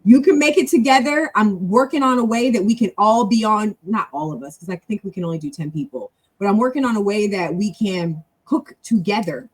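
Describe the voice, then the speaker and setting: A middle-aged woman hosting a live stream in a casual, chatty way, fast and animated, with big swings in pitch and loudness. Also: husky. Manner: talks fast, with self-corrections. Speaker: show host and club leader.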